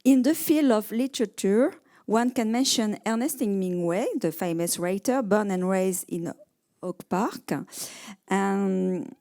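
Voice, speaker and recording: A woman's voice: mid-range voice, unhurried, dark tone. A French woman with a French accent moderating a live panel, speaking hesitantly with many ums and uhs. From France. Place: live event on stage.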